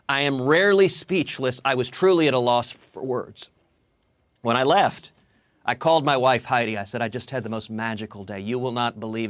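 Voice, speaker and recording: A man, a political guest, telling a story in a TV interview with animated delivery and repeated words at the starts of his sentences. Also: medium pitch, no room sound.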